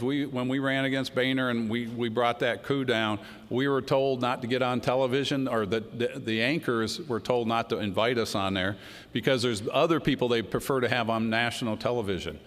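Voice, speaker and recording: A man's voice: medium pitch, fairly bright tone. A man giving a folksy political speech, telling stories and acting out quoted exchanges. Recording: long hall reverb.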